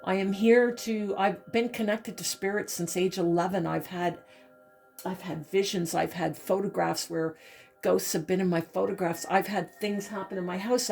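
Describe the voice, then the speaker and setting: A woman's voice: medium pitch, a little mellow. A woman doing a spiritual tarot reading, emotional and repeating herself, often saying "okay". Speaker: tarot reader.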